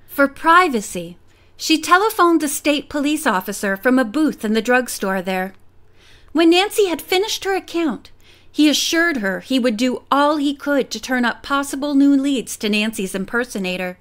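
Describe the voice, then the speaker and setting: Woman narrator, high voice, clear and even audiobook reading.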